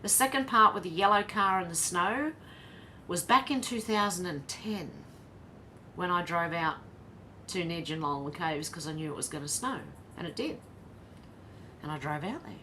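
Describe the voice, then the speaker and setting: Speaking on the low side with lively intonation and long pauses, this Australian woman has a pushed, bright voice at normal speed over slight background noise. She hosts a laid-back livestream, wryly and wearily reading chat comments aloud.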